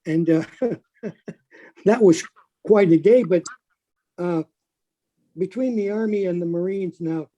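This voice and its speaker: A blunt older man with a fairly high but mellow, darker voice. He recalls a battle in loose, unscripted talk and swears freely along the way. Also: slow, pauses often, highs cut off. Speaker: veteran recounting a battle. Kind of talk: unscripted recollection.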